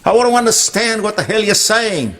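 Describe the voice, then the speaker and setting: A man's voice: high-pitched, very animated, fairly quick, a bit bright. An older man, delivering an emphatic, indignant political commentary monologue. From Australia. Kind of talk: opinionated monologue.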